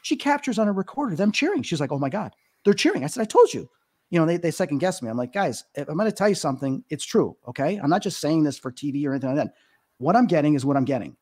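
Earnest man in his fifties, mellow voice. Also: fairly high pitch, animated, very fast. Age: 50s. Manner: earnest, emotional storytelling with many fillers. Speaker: psychic medium guest. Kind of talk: podcast interview, storytelling.

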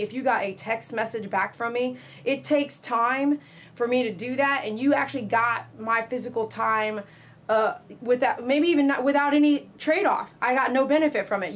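A woman, a dog groomer chatting casually to her live-stream viewers while she works in her grooming salon. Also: a little high. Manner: chatty and animated, mimics callers loudly.

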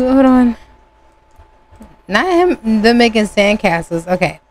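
A woman hosting a gaming channel, narrating her gameplay casually to viewers with sudden high exclamations. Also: big pitch swings, slow pace.

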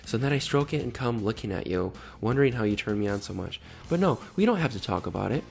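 A man's voice: fairly low pitch, animated, fast, vocal fry, soft background music. A man hosting a channel that exposes online predators. He reads chat messages aloud in casual commentary, and his tone is sarcastic and exasperated.

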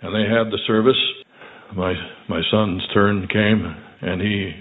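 An older male preacher tells a story in a low, measured voice that drops to near quiet. He clears his throat often. The audio is thin and phone-like. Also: fairly even intonation. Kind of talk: sermon storytelling.

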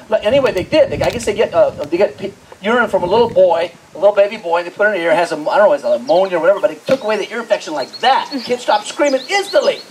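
Comedian guy, high voice, acts out his family's voices, crowd laughing live. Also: quick pace, rough recording. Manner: animated storytelling, acting out family voices, laughing at own jokes. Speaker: stand-up comedian. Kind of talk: stand-up comedy set. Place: comedy benefit show before a live audience. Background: audience laughter.

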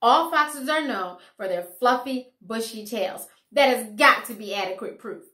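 A woman's voice: a little high, a little slow, bright, forceful tone. A woman voicing a boastful, pompous male fox who talks in big words and ends up pleading, heard in an echoey room. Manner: grandiose, pleading, wordy.

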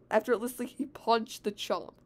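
A woman's voice: medium pitch, lively intonation, moderate pace. A teenage girl reads her own fan story aloud in a casual, giggly way. She keeps stopping to comment on her own writing and delivery. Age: teens.

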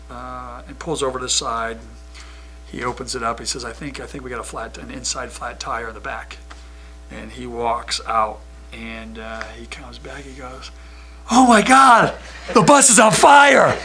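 Basketball coach at a postgame presser, bright voice, acts out the lines loud, lots of uh and you know. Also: male voice, medium pitch, slight background noise. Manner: animated storyteller, acts out quotes loudly; many fillers and restarts. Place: press conference room.

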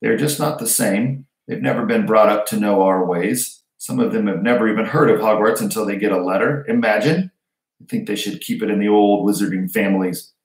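A man's voice: lowish voice, a little fast, close to an everyday voice. A man voicing a sneering, snobbish wizard schoolboy with a drawl. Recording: roomy echo.

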